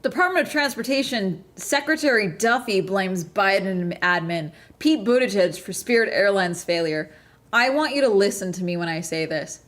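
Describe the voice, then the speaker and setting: A woman's voice: mid-range voice, animated, normal speed, fairly bright tone. A woman hosting a casual chat show, rambling between topics and ranting with plenty of swearing. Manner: chatty, profane, ranting. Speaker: streamer host.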